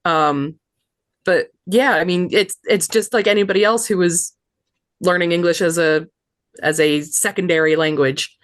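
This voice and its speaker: A woman's voice: lowish voice, normal speed, dry recording, studio quality. A woman with an American accent, chatting casually on a podcast, explaining points frankly and patiently. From United States. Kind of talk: casual chat.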